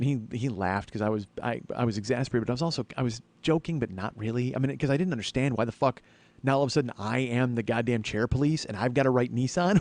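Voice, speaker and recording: Male podcast comic, forties, mid-pitched, exasperated and profane storyteller. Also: fast, darkish tone, no echo. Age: 40s. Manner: exasperated, swearing rants in his own voice. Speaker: comedy podcast host.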